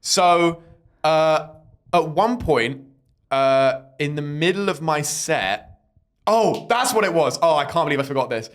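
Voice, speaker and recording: A young man, a podcast host, tells a story with a lot of life, his pitch swinging high and low. He acts out the voices of the people in his story. He talks in a casual, chatty way. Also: measured pace. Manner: animated storyteller who mimics people in quotes. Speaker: stand-up comedian and podcast host.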